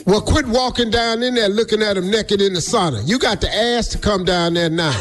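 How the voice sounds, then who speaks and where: A man's voice: high-pitched, brisk, fairly bright tone. A male radio host giving comic, bawdy advice with teasing, exaggerated storytelling. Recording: radio studio with music bed.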